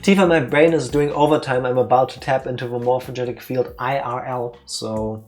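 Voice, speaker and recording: A man chats casually while playing a game, excitable and rambling as he spins joking theories. Faint game music sits behind his voice. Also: mid-range voice, fairly quick. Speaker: let's play co-host. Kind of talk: casual gameplay chat.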